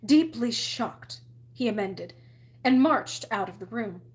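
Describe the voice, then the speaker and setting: A woman reading a novel aloud in an expressive storytelling manner. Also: medium pitch, measured pace. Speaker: reader.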